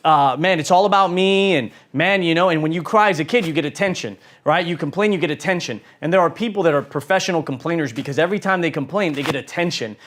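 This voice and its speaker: A man's voice: fairly high pitch, quick pace, few pauses, a bit bright. A man giving an earnest motivational talk about his years as an entrepreneur, speaking in repeated lists and full of fillers. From United States. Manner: earnest and emphatic, with many fillers and repeated phrases; speaks in lists and emphatic repetition. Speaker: entrepreneur sharing lessons.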